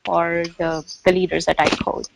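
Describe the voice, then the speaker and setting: A woman agile coach explaining her ideas in a casual panel discussion, pausing with fillers and clearing her throat. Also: fairly low pitch, level tone, noisy background.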